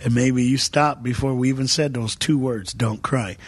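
A man as a guest preacher in an interview, talking fervently with many fillers and repeats, sometimes dropping to a soft near-whisper. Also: medium pitch, steady tone, normal speed. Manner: filler-heavy, repeats words.

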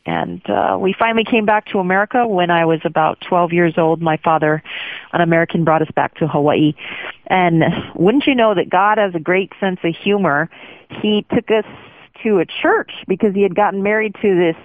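A woman candidly telling her life story in an interview, animated and acting out what others said. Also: lowish voice, normal speed, no echo. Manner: candid and animated, acts out quotes. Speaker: guest sharing her testimony. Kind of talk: personal storytelling on a phone interview. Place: Hawaii. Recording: tinny phone line.

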